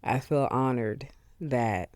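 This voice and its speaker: Slow, earnest podcast host. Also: mid-range voice, a little mellow, dry recording. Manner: earnest and heartfelt, with many pauses and fillers. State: emotional. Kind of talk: solo reflective podcast monologue.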